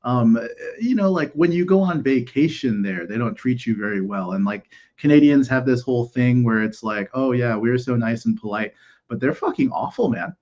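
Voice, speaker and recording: A man's voice: medium pitch, lively intonation, moderate pace, a little mellow, lo-fi sound. A man in casual political podcast chat, opinionated and ranting, with lots of "like" and swearing.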